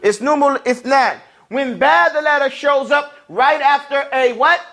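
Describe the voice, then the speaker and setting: High-voiced man teaching a class. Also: normal speed, bright, forceful tone. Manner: call-and-response, has the class repeat words; explains patiently, asks the class questions. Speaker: Arabic and Quran recitation teacher.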